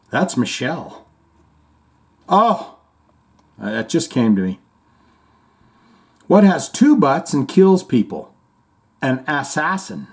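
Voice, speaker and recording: A middle-aged man hosting a casual podcast, reading listener comments and jokes aloud and telling stories with silly voices. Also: on the high side. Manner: animated storyteller, jumps into silly voices and reads jokes. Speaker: podcast host.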